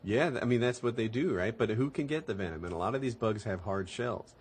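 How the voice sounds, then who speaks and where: A man hosting a podcast in casual chat over an online voice call, rambling through animated explanations and laughing often. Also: lowish voice, fast talker, husky. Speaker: podcast host.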